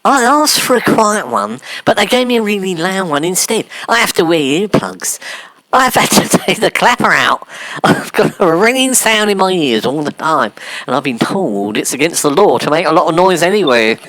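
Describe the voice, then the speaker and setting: A man's voice: sits high, sing-song, moderate pace, fairly bright tone, no room sound. A man voicing a fussy, timid male town crier with a camp, nasal, whining drawl in a comic sketch. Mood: prim, plaintive.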